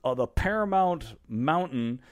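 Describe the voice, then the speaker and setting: A man's voice: mid-range voice, animated, measured pace. A man co-hosting a podcast, reminiscing casually with frequent ums and laughs. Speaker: podcast co-host.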